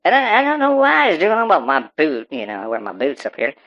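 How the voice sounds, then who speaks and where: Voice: mid-range voice, huge pitch swings, fast talker. A performer playing a paranoid rural farmer who rambles and stammers through profane rants about super pigs. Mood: ranting. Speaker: interviewee on a call-in show. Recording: dull, muffled audio.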